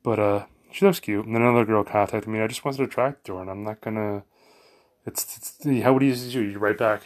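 A man's voice: on the low side, brisk. A middle-aged man chatting casually on a live stream from his phone, meandering and correcting himself with lots of fillers. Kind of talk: rambling casual monologue.

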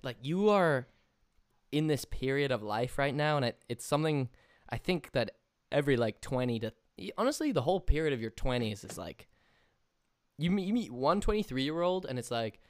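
A man's voice: medium pitch, very animated, normal speed. Chatty young man, casual podcast host. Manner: loose, swearing, chatty with fillers. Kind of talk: casual chat.

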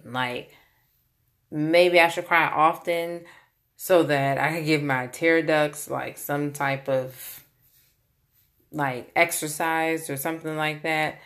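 A young adult woman, a mother, telling a personal story in a casual, animated way and acting out the voices she quotes. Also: sits low.

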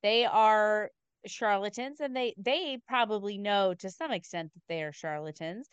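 A woman's voice: medium pitch, a little slow, smooth, no room sound, highs cut off. A woman co-hosting a podcast, chatting casually with blunt, sarcastic opinions and heavy swearing. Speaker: podcast co-host. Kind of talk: casual chat.

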